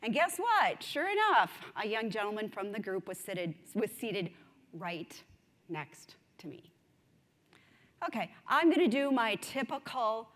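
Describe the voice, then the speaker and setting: Animated woman speaking in a reverberant hall. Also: medium pitch, a little slow. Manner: animated, self-mocking storytelling. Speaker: conference speaker. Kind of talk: motivational storytelling speech. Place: large conference hall.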